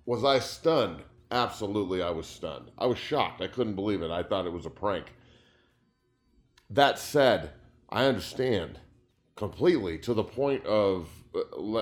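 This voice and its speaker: Impassioned former football player hosting. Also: male voice, fairly low pitch, darkish tone. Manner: impassioned, profane, voice rising when upset. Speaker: podcast host, former pro football player. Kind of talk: emotional sports talk monologue. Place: home studio.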